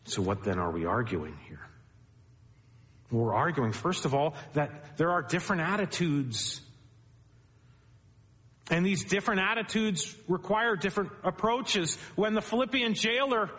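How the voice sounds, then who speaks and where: A man delivers an expository sermon with a notably high voice. His voice rises sharply when he hammers home a point and drops low for asides. The sound carries a long reverb, like a large church hall. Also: fairly bright tone. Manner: expository preaching, rising pitch for emphasis. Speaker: pastor.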